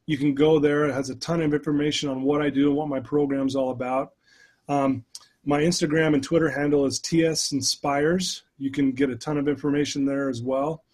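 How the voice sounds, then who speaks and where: Brief: middle-aged male guest, husky, slightly high voice, animated storyteller. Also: brisk. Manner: animated storyteller who addresses the host by name. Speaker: guest, life coach and motivational speaker. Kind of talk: conversational storytelling in a podcast interview.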